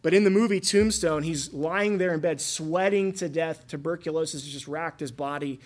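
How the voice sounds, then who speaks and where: A man's voice: on the high side, normal speed. Earnest man in his thirties preaching. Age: 30s. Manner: earnest storytelling, rhetorical questions, swings between loud and hushed. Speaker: pastor. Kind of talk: sermon.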